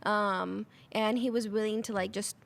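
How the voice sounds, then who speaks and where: A woman's voice: mid-range voice, steady tone, creaky. A young woman co-hosting a podcast, chatting playfully and laughing easily. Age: young adult. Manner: playful, quick laughs and short agreements. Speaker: podcast co-host. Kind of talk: casual chat.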